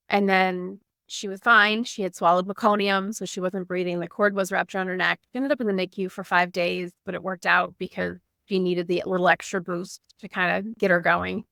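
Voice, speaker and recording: A woman's voice: fairly low pitch, steady tone, moderate pace, gravelly, few pauses, sharp tone, no room sound, clean studio sound. A woman in her thirties, a guest telling her personal story in an interview, candid and earnest, with lots of "like". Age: 30s.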